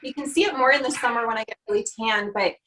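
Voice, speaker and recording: A woman's voice: a little high, quick pace, bright, forceful tone, slight background noise, rough recording. A woman, a country singer, earnestly telling a personal story in an interview, with many "you know"s and "um"s. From Canada. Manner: earnest, heartfelt retelling with frequent "you know" and "um".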